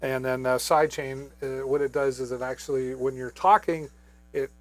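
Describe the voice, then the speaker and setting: A man's voice: mid-range voice, fairly even intonation, moderate pace, soft background music. Casual male live-sale host, chatty, lots of ums, wireless mic sound. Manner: casual, chatty, many fillers. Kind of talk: live product demo. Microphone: wireless microphone.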